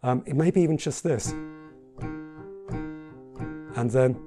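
A man's voice: medium pitch, slow pace. A man teaching piano in a casual tutorial, chatty and reassuring as he demonstrates at the keyboard. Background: piano playing.

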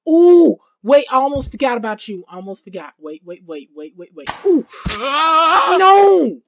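A woman hosting a gaming video, commentating a let's play with excited yelps, shouts and slangy chatter. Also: high-pitched, slight background noise. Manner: slangy, repeats phrases rapidly.

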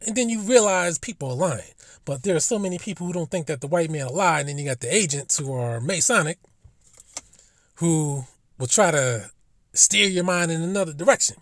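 A man's voice: fairly high pitch, lively intonation, a little fast, a bit bright, no room sound, studio quality. A man giving a casual commentary monologue as a vlogger, profane and emphatic, with indignant rhetorical questions.

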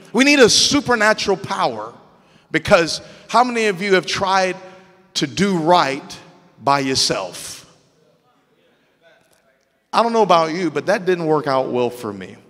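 A Louisiana pastor with a high-sitting, slightly bright voice preaches at a measured pace, with big pitch swings and long pauses. His diction is proper and polished, and he earnestly repeats words as he works through his points, his sermon echoing with long hall reverb in the church sanctuary.

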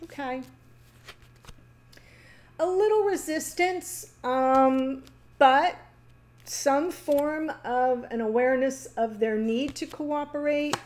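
A woman giving a casual, chatty tarot reading, talking warmly to the viewer with fillers and small laughs. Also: sits high, slow, long pauses. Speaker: tarot reader.

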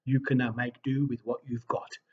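A man voicing a proud, stubborn sun god in a told story, speaking gruffly and dismissively. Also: mid-range voice, little pitch movement, normal speed, dull audio, natural voice.

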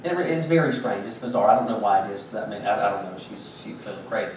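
In a very echoey church sanctuary, picked up by a distant mic with background noise, a pastor preaches a sermon in a conversational, joking storytelling style. His voice is fairly low and quick, with few pauses.

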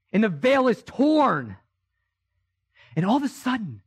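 A man pastor preaching an Easter sermon in a church, swinging from hushed, slow lines to shouted ones. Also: sits high, creaky, husky. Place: church sanctuary.

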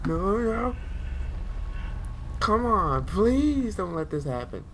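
A woman playing a horror video game and commenting, swearing at it, swinging from low mutters to loud yells. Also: sing-song, slow. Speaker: gaming video host. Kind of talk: let's play commentary. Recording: game audio noise behind.

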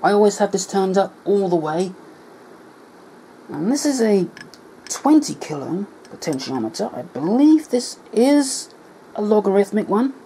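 A man's voice: sits high, very animated, a little slow, warm tone, slight background noise, rough recording. A man explaining an electronics repair at his workbench in a casual tutorial, thinking aloud and correcting himself as he goes. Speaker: electronics hobbyist.

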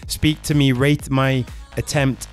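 A man's voice: mid-range voice, flat delivery, faint music behind. Casual man hosting a tech demo. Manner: rambling, talks to the assistant in quick bursts. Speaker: tech video host.

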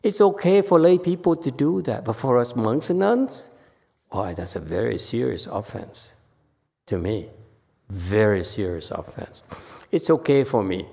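Monk, male, gravelly mid-pitched voice, lively lecture style in a reverberant hall. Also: measured pace. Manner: animated storytelling, acting out quotes. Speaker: Buddhist monk lecturing on a sutra. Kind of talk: informal sutra lecture.

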